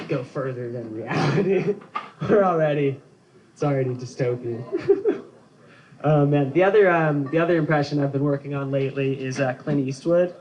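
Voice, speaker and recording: A man's voice: medium pitch, a little mellow, rough recording. A young man doing a stand-up comedy set outdoors, loose and laughing at his own jokes. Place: outdoor show.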